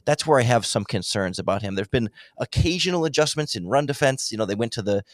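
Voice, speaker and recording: A man in casual football analysis chat, talking in quick animated bursts as a podcast guest. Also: mid-range voice, no echo. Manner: animated, quick, breaks into mock impressions. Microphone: remote call microphone.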